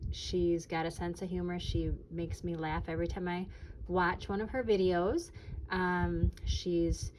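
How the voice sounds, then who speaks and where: Older woman, low-ish voice, casual rambling chat, lots of ums, faint background hiss. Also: low-quality recording. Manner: chatty, rambling, many ums and restarts. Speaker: junk journal channel host.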